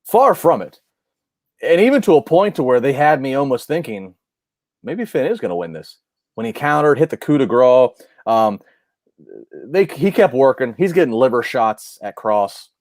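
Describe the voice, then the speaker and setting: A man's voice: medium pitch, normal speed, no echo. Chatty man recapping a match, dry sound. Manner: animated match recap with lots of restarts. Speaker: wrestling podcast co-host. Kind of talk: casual review chat.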